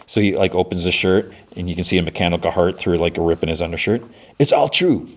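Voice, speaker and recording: Speaking quickly in a deep voice with fairly even intonation, a middle-aged man hosts a podcast. His casual show recap rambles, with lots of fillers and false starts.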